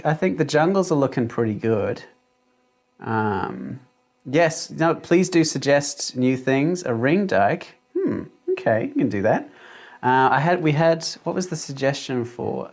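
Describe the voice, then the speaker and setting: A man who grew up in Australia with an English accent from British parents, hosting a casual livestream from a small home room and rambling with lots of fillers. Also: a little high. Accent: English accent from British parents, living in Australia. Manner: rambling and chatty, with many fillers and restarts. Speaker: livestream host and mapmaker. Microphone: desk mic, no headphones.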